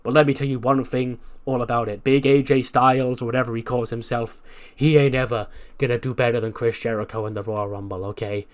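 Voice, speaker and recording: A man voicing a brash, boastful veteran male wrestler, talking loud and cocky. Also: mid-range voice, flat delivery, brisk, few pauses, close to an everyday voice.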